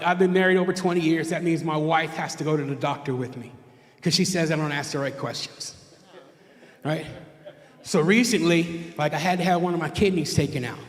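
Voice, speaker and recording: Self-mocking man doing stand-up in an echoey hall. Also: on the high side. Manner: conversational, self-mocking, tag questions to the crowd. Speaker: stand-up comedian. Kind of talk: stand-up comedy set. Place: church stage with a live audience. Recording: echoey hall, long reverb.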